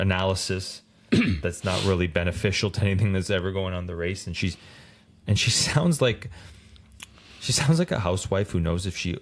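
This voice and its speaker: A man co-hosting a racing podcast in casual chat, rambling and animated, full of fillers. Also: low-pitched. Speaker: podcast co-host.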